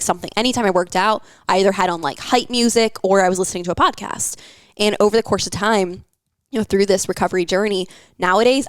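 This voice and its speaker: A woman's voice: mid-range voice, dry recording. A young woman hosting a wellness podcast, talking casually with lots of fillers and an encouraging tone. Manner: chatty, filler-heavy, encouraging.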